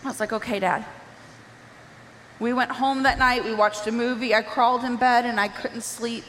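A woman giving an emotional personal testimony, impassioned and pleading, rising at times to near shouts. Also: on the high side, fairly even intonation, a little fast, big-room sound, a little hiss or hum.

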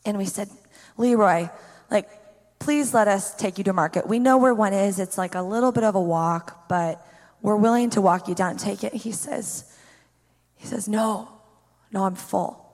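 Woman pastor, animated storyteller, mid pitch, long reverb on the voice. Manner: animated storyteller, heavy use of "like". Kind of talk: telling a personal faith story.

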